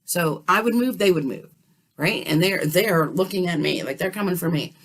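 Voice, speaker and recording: A woman telling a story in a casual, animated way, often checking in with her listener. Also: on the low side, normal speed. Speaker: dream vlogger.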